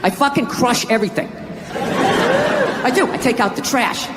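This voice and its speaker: A man's voice: very high-pitched, huge pitch swings, a little slow, heavy background noise. A man from the United States doing a stand-up set, sarcastic and profane, ranting at full tilt. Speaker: stand-up comedian. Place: stage in a large venue. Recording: live show in echoey hall, loud crowd laughter.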